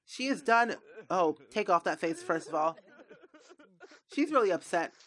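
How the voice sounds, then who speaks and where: A woman streamer giving let's play commentary, exasperated and animated, talking straight to the game characters and retelling the drama. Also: fairly low pitch, measured pace. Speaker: gaming streamer.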